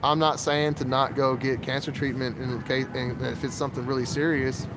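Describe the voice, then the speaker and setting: A man livestreaming from his phone outside speaks in a level, mid-range voice at a moderate pace, meandering between subjects as he addresses his chat. Noise fills the background.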